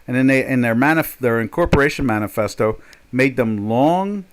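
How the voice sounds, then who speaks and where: A man's voice: mid-range voice, animated, normal speed, clear, resonant tone. Older man, rambling live-stream talk, jokey, lots of fillers. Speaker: trader hosting a live chat.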